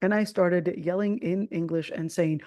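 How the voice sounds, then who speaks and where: A woman's voice: lowish voice, normal speed, no echo. American woman teaching in a dry, close recording. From Jordan. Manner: conversational, many "of course" fillers; animated when retelling the story. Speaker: Quran teacher. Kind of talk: religious lesson with a personal story.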